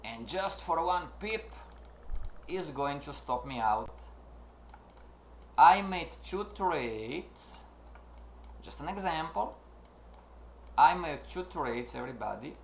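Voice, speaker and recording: Animated man teaching a live trading class. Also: on the high side, slow, creaky, pauses often, slight background noise. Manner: animated, repeats "make sense, everybody?", acts out traders' inner voices. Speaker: trading instructor. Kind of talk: live online trading lesson. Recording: roomy echo.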